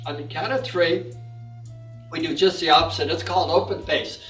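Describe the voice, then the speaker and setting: A man leading a guided exercise class, calm and encouraging as he counts out the moves. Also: fairly high pitch, moderate pace, faint music behind. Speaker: fitness instructor. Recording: echoey room, mic far off.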